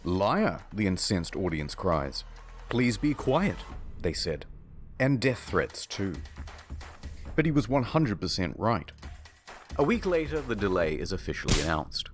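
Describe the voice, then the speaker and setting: A man's voice: lowish voice, very animated, unhurried, pauses often. A man giving dry, wry scripted comedic narration for an internet documentary, with sudden jokes. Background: background music.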